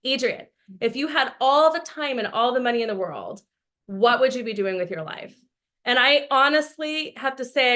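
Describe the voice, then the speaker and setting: A woman's voice: on the high side, a bit bright. A woman from Austin, Texas, in her thirties, giving an enthusiastic, chatty sales presentation over a video call and laughing often. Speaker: business presenter.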